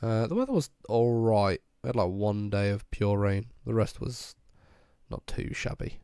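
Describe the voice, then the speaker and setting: A man's voice: on the low side, moderate pace, warm tone, clean tone, no room sound, studio quality. A young man streaming and chatting casually with his viewers, ill and with a voice that keeps cracking. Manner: chatty, laid-back, answers viewers one by one. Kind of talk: casual chat with live viewers.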